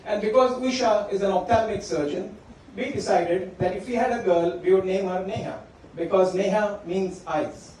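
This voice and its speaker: Speaking in a voice that sits high, a middle-aged father of the bride shares warm stories about his daughter, frequently stopping to address her by name. His wedding speech is picked up from a distance in a big, echoey function hall, with faint guests laughing and a little hiss or hum on the audio.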